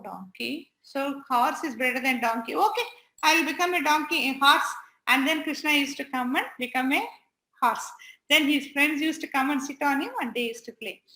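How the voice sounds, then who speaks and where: Bright high-voiced woman telling stories. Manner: animated, voices the figures' dialogue. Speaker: storyteller for children. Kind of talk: telling a devotional story to children. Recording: echoey room.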